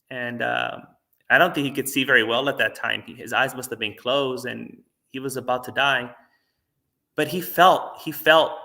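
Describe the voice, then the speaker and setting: A man, a Buddhist monk, giving a dharma talk and telling a teaching story in a relaxed, conversational way. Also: mid-range voice. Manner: relaxed, conversational, many fillers.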